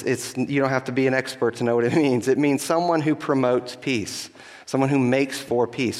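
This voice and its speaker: A middle-aged man preaching a sermon as pastor, earnest, asking the congregation questions and slowing down to stress key phrases. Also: medium pitch. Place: church sanctuary. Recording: long reverb of a large hall.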